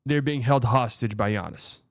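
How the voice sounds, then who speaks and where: A man's voice: mid-range voice, moderate pace, no echo. A man hosting a casual sports commentary show, sarcastic and blunt, swearing freely. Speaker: host.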